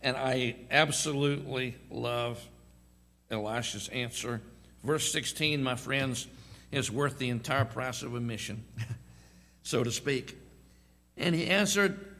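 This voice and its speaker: A man preaching a sermon as pastor, telling stories with slow, emphatic, drawn-out phrasing. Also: medium pitch, gravelly, sharp tone. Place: church sanctuary. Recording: long church hall reverb.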